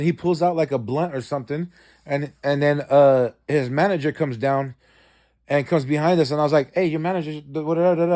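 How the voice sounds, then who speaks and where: A man casually recounting a dream in a rambling, profane way, with many fillers and restarts, and he acts out quoted lines with sudden jumps in pitch. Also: dark tone.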